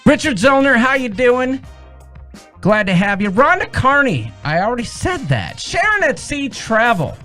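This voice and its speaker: A man's voice: big pitch swings, a little slow, pushed and bright, faint music behind. Sing-song man with a drawling rooster voice. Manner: sing-song drawl that swoops high on names. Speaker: co-host of a live cruise chat stream. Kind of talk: live stream chat, reading out viewer names.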